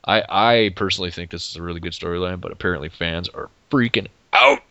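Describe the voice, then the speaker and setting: A man's voice: deep voice, lively intonation, quick pace, gravelly, sharp tone, dry recording, highs cut off. A man hosting a comics podcast, chatting casually and rambling, swearing and laughing as he goes. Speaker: podcast host. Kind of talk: casual chat.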